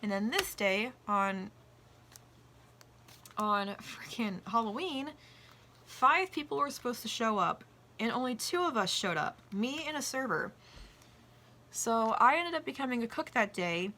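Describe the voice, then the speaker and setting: Bright-voiced young woman telling work stories. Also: on the high side, a little slow, long pauses. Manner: animated, acts out quoted voices, swears casually. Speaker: vlogger and restaurant worker. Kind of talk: casual storytelling.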